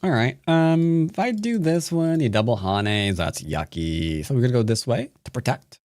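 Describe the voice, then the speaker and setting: A jokey man walks viewers through his moves in live-streamed game commentary. His voice swoops high and low as he clowns around. The sound is dry, with no room around it. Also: expressive, moderate pace, a little mellow, no echo. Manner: playful, jokey, breaks into silly sing-song nonsense. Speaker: Go teacher.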